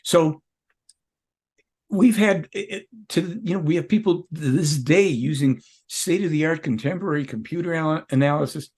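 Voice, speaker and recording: A man's voice: on the high side, normal speed, darkish tone, slightly rough. A man speaking as an interview guest, rambling and emphatic, jumping from point to point. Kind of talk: casual interview talk.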